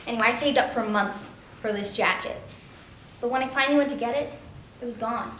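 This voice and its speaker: A woman's voice: a little high, brisk, background noise, lightly acted. A woman voicing a bitter, washed-up middle-aged male horse, delivering a sardonic, darkly funny stage eulogy in a roomy, echoing space. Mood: wry. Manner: sardonic, dark-humoured, self-deprecating. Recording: roomy echo.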